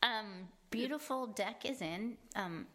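A woman's voice: fairly high pitch, slow pace, bright, forceful tone. A woman chatting casually about her home, laughing often and trailing off mid-sentence. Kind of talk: casual chat. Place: home in Italy.

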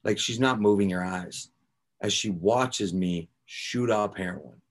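A man's voice: fairly low pitch, measured pace. A man guest on a podcast, telling his own recovery story candidly, blunt and raw with casual swearing and filler words.

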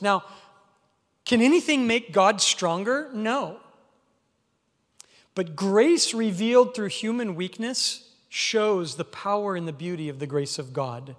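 A man with a notably high voice delivers an emphatic, conversational sermon as pastor. His words ring out with a long reverb trailing behind them, as though in a church sanctuary. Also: animated, a little slow.

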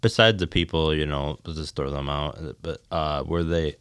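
A man co-hosting a casual podcast in a halting way, full of fillers. His voice is extremely deep and smooth, and the recording is dry. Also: steady tone, a bit bright, dry recording. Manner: halting, swears, uses many fillers. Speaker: podcast co-host.

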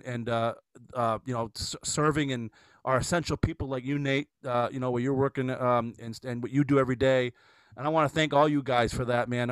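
A man's voice: medium pitch, a bit bright, clear, resonant tone, no echo. A man hosting a casual podcast chat, telling a rambling story with lots of restarts and fillers. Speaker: podcast host.

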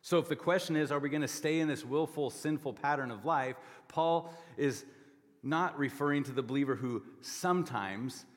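A man preaching a sermon as pastor, explaining scripture and pressing his points with forceful repetition. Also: a little high, moderate pace, big-room sound. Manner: emphatic, rising to forceful repetition. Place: church sanctuary.

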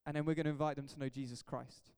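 A man's voice: mid-range voice, fairly even intonation, rapid-fire, darkish tone, clean tone. A man, a pastor preaching an emphatic, jokey sermon in a church hall. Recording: echoey hall reverb.

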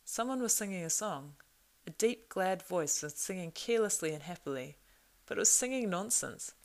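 Low, gravelly woman reading a story. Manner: measured, expressive reading. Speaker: audiobook narrator. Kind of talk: storybook narration.

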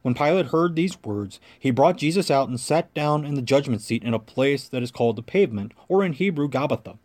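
A man reading scripture aloud as lector, in a measured, clear narrating voice. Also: mid-range voice, expressive, darkish tone.

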